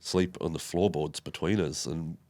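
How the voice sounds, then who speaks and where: Aussie guy with a really low voice, halting and full of um and you know, telling his story on a podcast. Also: fairly even intonation, mellow. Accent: Australian. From Tasmania, Australia. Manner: halting, many fillers and restarts. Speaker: podcast guest. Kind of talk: recounting a personal story.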